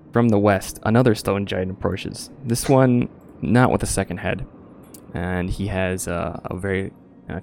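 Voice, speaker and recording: A man narrating as game master of a tabletop game, relaxed, with frequent filler pauses. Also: sits low, creaky, slight background noise.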